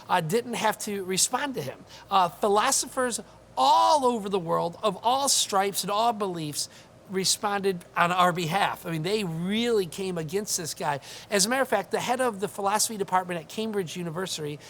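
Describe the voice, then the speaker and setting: A woman preaching a sermon in an earnest, emphatic way, often restarting her words. Her voice sits at a middle pitch. A faint hiss of noise runs under her speech. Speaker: pastor.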